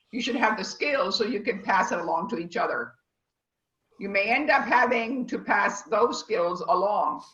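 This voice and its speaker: A woman's voice: medium pitch, fairly bright tone. A woman teaching a culinary class over a video call, with a rambling, emphatic teacherly delivery. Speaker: culinary instructor. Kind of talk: online class lecture. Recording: echoey, dull lo-fi audio.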